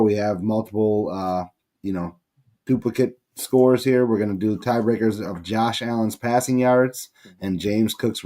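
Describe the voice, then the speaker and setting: A man hosting a sports podcast and running through contest details, steady with frequent filler sounds. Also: lowish voice.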